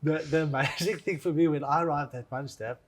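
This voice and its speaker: A man's voice: on the high side, fairly quick, a loud crowd. Eager man repeating his words. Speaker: co-host, former rugby player. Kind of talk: casual chat.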